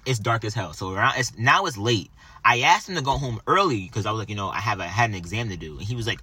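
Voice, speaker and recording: A young man tells a story in a relaxed, profane way, acting out what everyone said. His voice is bright and a little husky. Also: on the low side, quick pace, dry recording. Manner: animated, profane anecdote telling with quoted dialogue. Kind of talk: casual chat.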